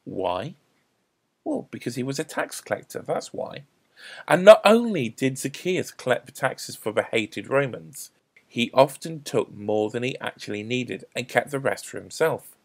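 A man's voice: mid-range voice, gravelly, husky. A man telling a Bible story to children at a school assembly, theatrical with repeated refrains. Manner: animated, repetitive refrains, theatrical pauses.

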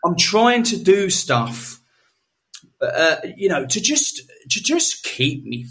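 A man's voice: high voice, sing-song, takes it slowly, fairly bright tone. A man co-hosting a podcast, supportive and sweary, calling his friend "mate" constantly. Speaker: podcast co-host. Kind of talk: casual banter.

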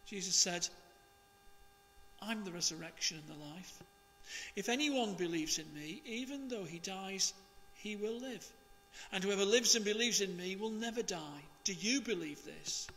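A man, a priest, reading the Gospel and preaching in a slow, measured, expressive way. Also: sits high, in a large hall, slight background noise.

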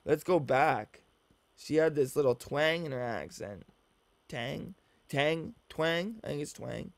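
A man's voice: mid-range voice, normal speed, creaky, dry recording. A man giving teasing, profane reaction commentary while watching a video. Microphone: desk mic, looking at a screen.

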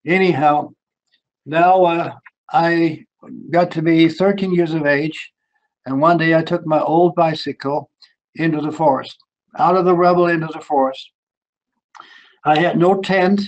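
A man's voice: fairly high pitch, steady tone, a little slow, lo-fi sound. Older German-accented man preaching testimony. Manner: rising to fervent, emphatic preaching. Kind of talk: sermon testimony.

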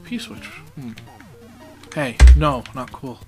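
A man's voice: medium pitch, animated, moderate pace, over loud music, poor audio. A man giving casual, joking commentary while playing a video game, with self-mocking asides. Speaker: let's play commentator.

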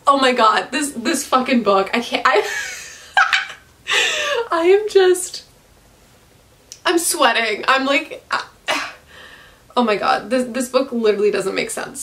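A woman with a fairly high voice rants about a book from home, swearing freely and breaking into laughter. Her talk is exasperated and animated, a casual vlog rant. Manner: exasperated, profane, laughing ranting. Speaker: book reviewer. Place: at home, dog nearby.

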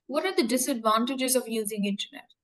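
A woman's voice: fairly high pitch, lively intonation, a little fast, fairly bright tone, poor audio. A woman teacher running a mock English speaking test, asking questions patiently, repeating and spelling them out and often laughing. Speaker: English teacher acting as examiner.

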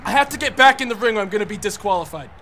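High, bright-voiced ranting streamer man. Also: lively intonation, very fast, slight background noise. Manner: profane, exasperated ranting, frequent shouting. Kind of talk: live gameplay commentary.

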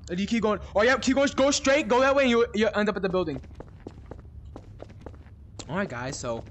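A man doing excited gameplay commentary, yelling panicked repeats and then dropping to hushed whispers, straining his voice. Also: sits high, brisk, pauses often. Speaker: gaming YouTuber.

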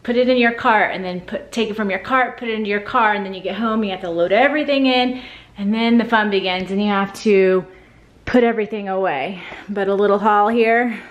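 Breathless, chatty mom vlogger. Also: female voice, medium pitch, a little fast, dull audio. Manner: chatty, upbeat, rambling. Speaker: family vlogger, mother. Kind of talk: casual chat to camera.

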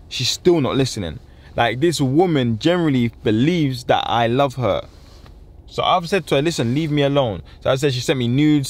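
A young man, telling a story to camera in a casual vlog, full of slang and fillers. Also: mid-range voice. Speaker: vlogger.

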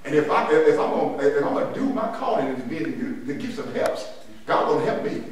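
A man's voice: fairly high pitch, animated, a little fast. A man pastor teaching a Bible lesson in a church, emphatic and repetitive, laughing between his points. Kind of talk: call-and-response church teaching. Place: church sanctuary. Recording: echoey room from far off, some noise.

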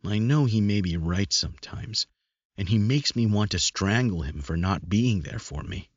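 A man's voice: lowish voice, lively intonation, moderate pace, husky, no room sound. A man reading a first-person audiobook in a brooding, self-questioning way. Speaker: audiobook narrator. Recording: dull lo-fi recording.

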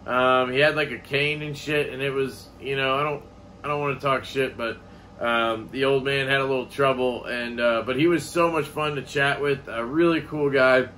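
A man's voice: medium pitch, steady tone, moderate pace, bright, forceful tone, a little hiss or hum. A man vlogging in a casual, rambling way, swearing offhandedly as he chats. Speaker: knife collecting vlogger. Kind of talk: casual chat.

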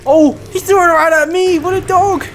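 A man's voice: very high voice, steady tone, a little fast, fairly bright tone, slight background noise. A man playing a video game, talking casually, laughing and exclaiming. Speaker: gamer. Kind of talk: casual gaming commentary.

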